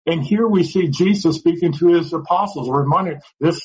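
A man's voice: fairly high pitch, moderate pace, a little mellow, slight background noise. A man teaching a Bible study class, earnest and explaining step by step, often repeating words as he goes. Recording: dull lo-fi sound.

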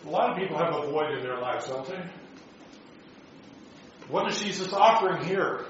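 A man's voice: fairly high pitch, animated, normal speed, a bit bright, a little hiss or hum. A man leading a Bible study, teaching a group and putting rhetorical questions to them. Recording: dull echoey room recording.

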